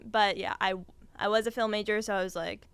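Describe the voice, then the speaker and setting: Chatty young woman with a smooth, dry voice. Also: mid-range voice, fairly even intonation, a little fast, a bit bright, dry recording. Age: young adult. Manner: chatty, full of "like" and "um", laughs easily. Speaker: podcast guest, design student. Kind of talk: casual interview chat.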